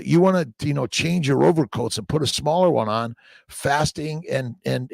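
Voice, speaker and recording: Middle-aged man, gravelly voice, upbeat live-stream host, dry close sound. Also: dry recording. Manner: upbeat, exclamatory, swings from loud bursts to low murmurs. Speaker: host reading viewer comments. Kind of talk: casual live-stream chat.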